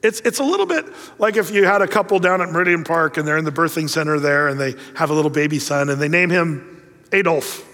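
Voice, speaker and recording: A middle-aged male pastor delivers his sermon like a casual storyteller, sliding wry jokes into the scripture. His voice sits fairly high for a man. The sound rings with the long reverb of a sanctuary. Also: lively intonation, fast talker, pushed and bright. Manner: conversational storytelling with joking asides.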